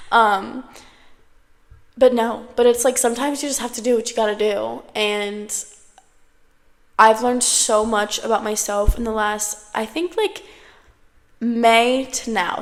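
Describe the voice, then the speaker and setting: Brief: young woman podcaster, slightly high voice, loose swearing chatter, long room echo. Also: steady tone, a little slow. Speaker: podcast host. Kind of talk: casual solo chat to camera. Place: at home, indoors. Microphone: camera.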